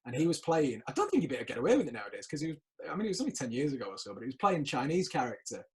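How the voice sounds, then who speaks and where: A man's voice: medium pitch, very animated, rapid-fire, a little hiss or hum, rough recording. A man hosting a casual podcast chat, telling theatre stories animatedly and laughing often. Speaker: podcast host.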